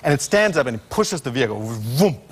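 A man's voice: medium pitch, a little fast, slightly rough. A male scientist guest on a late-night talk show, telling stories with lots of fillers and restarts. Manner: animated storyteller, fillers and restarts.

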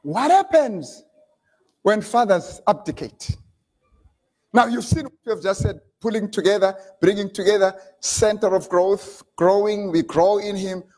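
A man preaching a sermon in a church, switching between English and Xhosa and building up to shouted lines. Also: high-pitched, expressive, a little slow. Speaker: pastor.

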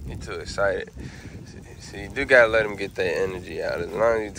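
A laid-back man with a lowish voice talks casually outdoors on his rural property, slangy and swearing now and then. He shouts sharp, loud calls to his dog. Faint outdoor noise sits behind him. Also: fairly quick, gravelly. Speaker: vlogger on his animal property.

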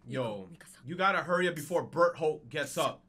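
A young man giving anime reaction commentary, excitable and swearing, with emotional outbursts. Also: on the high side, normal speed, slightly rough. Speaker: reaction streamer.

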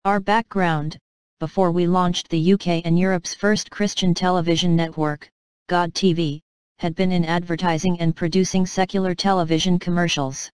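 A woman narrates her own devotional memoir with an earnest, measured delivery. Her voice sits a little low and sounds smooth and clear. The recording is close and dry. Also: flat delivery, a little mellow, no room sound, poor audio.

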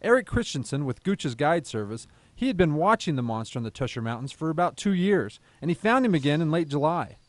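A man's voice: a little high, big pitch swings, brisk, few pauses, no echo. Brief: male field reporter, upbeat, bouncy intonation, dry close sound. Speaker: outdoor reporter. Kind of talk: TV news narration and field interview.

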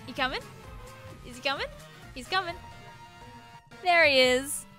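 A woman streaming a video game, chatting casually to viewers in an excitable, giggly way and cooing over cute things. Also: sits high, a little slow, over music. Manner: excitable, giggly, coos at the cute dog, squeals "no!". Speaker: gaming streamer. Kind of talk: casual let's-play commentary.

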